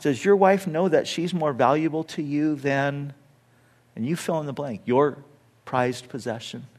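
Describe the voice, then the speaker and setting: A middle-aged male pastor preaching a sermon in a high, lively voice. He speaks slowly and earnestly, with big swings of pitch, and acts out the people he quotes.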